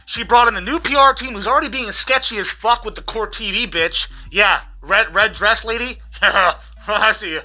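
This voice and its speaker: A vlogger in an angry, profanity-heavy rant, repeating words when worked up, with a voice going hoarse. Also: medium pitch, moderate pace, few pauses, bright, forceful tone. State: losing their voice. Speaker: vlogger recapping a trial.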